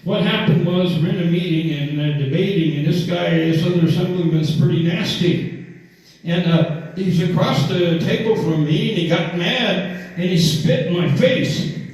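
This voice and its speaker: An older man with a rural Alaskan accent tells a long story in a rambling, folksy monologue full of fillers and restarts. His voice sits a little high but sounds dark and mellow. The recording is muffled and very echoey. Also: moderate pace. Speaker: former borough assemblyman.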